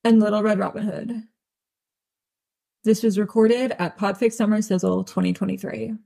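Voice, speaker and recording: Gravelly, husky woman narrating a story. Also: medium pitch, little pitch movement, normal speed, dark tone. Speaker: audiobook reader. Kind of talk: fan audiobook narration.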